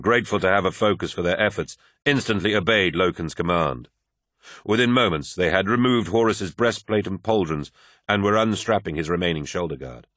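A man giving grave, measured audiobook narration of a dramatic story. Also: low-pitched, a bit bright, no echo, clean studio sound.

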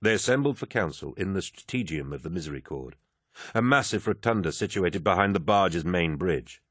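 A man narrating an audiobook in a steady, measured manner. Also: low-pitched, slightly rough, dry recording, studio quality. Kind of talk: scripted narration.

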